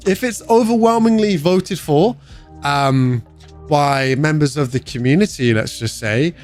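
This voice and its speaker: Brief: British male streamer, casual and joking, reading chat aloud in a fairly high voice.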